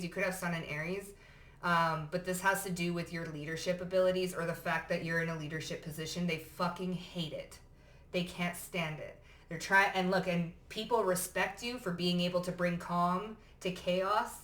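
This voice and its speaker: Woman tarot reader, bright forceful voice, blunt and profane, echoey room. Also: lowish voice, recorded from a distance. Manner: blunt, profane and emphatic, often laughing. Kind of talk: casual tarot card reading to camera.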